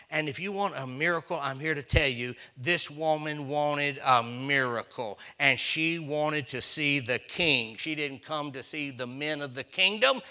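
A man preaching a sermon, telling folksy stories and acting out the people in them, his voice rising to shouts. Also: on the high side.

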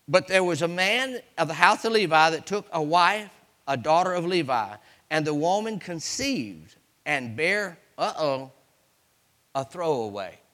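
A man preaching a sermon, retelling scripture as an animated storyteller with exclamations. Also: fairly high pitch, long reverb tail.

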